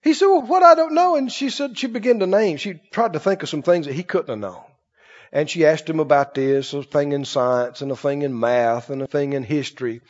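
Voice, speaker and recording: A pastor preaches a sermon to his congregation, telling folksy stories and often asking them "Right?" His voice is on the high side with a darkish tone, and he talks fairly quickly. The church recording is dull and lo-fi, with long reverb.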